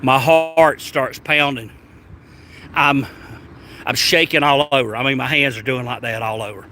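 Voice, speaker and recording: A man's voice: medium pitch, fairly even intonation, unhurried, pushed and bright. Southern guy rambling thru a travel story, lots of stammers and restarts, faint car hum behind. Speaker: travel vlogger. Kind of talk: casual storytelling.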